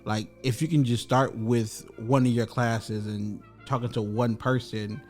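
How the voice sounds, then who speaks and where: A young man hosting a podcast in casual chat, giving advice in a measured, thoughtful way with small restarts. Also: medium pitch, fairly even intonation, darkish tone, soft background music. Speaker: podcast host.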